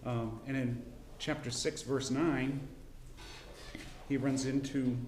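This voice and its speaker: A middle-aged man teaching a casual Bible class, folksy and rambling, with frequent restarts and throat clearing. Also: medium pitch, steady tone, takes it slowly, darkish tone, reverberant, a little hiss or hum. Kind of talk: casual Bible lesson with personal story. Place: church classroom.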